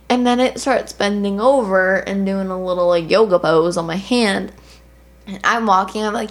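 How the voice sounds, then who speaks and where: A young woman, a podcast guest, telling a funny personal story in a lively, laughing way. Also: mid-range voice, moderate pace. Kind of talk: casual storytelling.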